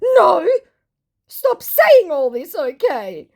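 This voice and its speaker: A woman's voice: very high-pitched, wildly swooping pitch, gravelly, darkish tone, pitched above the performer's own voice, full character voice. A woman putting on a flustered, pleading male scammer. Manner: halting, clumsy broken English. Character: confused pleading male online scammer, broken English.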